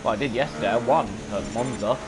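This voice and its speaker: A man's voice: mid-range voice, quick pace, vocal fry, background noise. Joking man hosting a racing game. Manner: joking, crude banter. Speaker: gaming channel host. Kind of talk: casual gameplay commentary.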